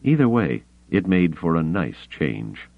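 Very deep male audiobook narrator, expressive and lively, dry tinny phone-like sound. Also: creaky, no room sound. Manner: dramatic, expressive reading with measured pauses. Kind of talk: scripted novel narration.

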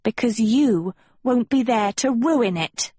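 A woman's voice: a little high, big pitch swings, a little slow, a little mellow, breathy edge, no room sound, voice pushed up, heavily acted. A woman voicing a teenage girl turned villain in an audiobook, silky, taunting and coldly sweet. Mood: menacing. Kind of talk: audiobook character reading.

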